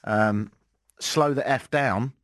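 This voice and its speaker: A man's voice: mid-range voice, takes it slowly, fairly bright tone, no room sound, clean studio sound. A British man hosting a casual talk radio show, joking and sarcastic, laughing often. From Britain. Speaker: radio host. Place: radio studio.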